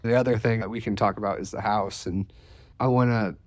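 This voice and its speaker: A man co-hosting a family podcast, talking in a calm, thoughtful and slightly wistful way. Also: on the low side, fairly quick, dry recording. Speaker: podcast co-host. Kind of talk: casual conversation.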